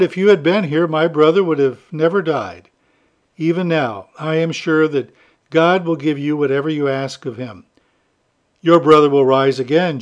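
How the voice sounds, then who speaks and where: A priest reads the gospel in a plain, steady way, then slips into an easygoing, conversational homily with a gentle joke or two. His voice sits a little higher than most men's. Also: lo-fi sound. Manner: plain, steady reading turning to a relaxed, chatty preaching with light humor.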